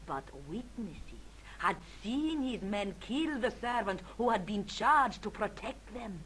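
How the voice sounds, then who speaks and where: An actress playing an aristocratic older countess, speaking formally in a studio-recorded adventure game. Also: female voice, mid-range voice, animated, takes it slowly, fairly bright tone, slight background noise, rough recording. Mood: somber. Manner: formal, stately. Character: aristocratic older Spanish countess, proud but weary. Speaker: game character.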